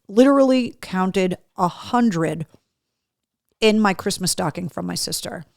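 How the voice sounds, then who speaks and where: A woman's voice: medium pitch, lively intonation, measured pace, gravelly, darkish tone, no echo, studio quality. A woman hosting a live webcast, chatting casually and bluntly, swearing and reading out viewer comments while eating. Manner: chatty and blunt, swears freely, talks with mouth full. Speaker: radio host running a live webcast. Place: small home studio.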